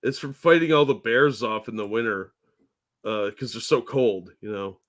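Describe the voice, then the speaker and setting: A man's voice: mid-range voice, normal speed, a bit bright. A man co-hosting a casual podcast, easygoing, agreeable and joking. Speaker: podcast co-host.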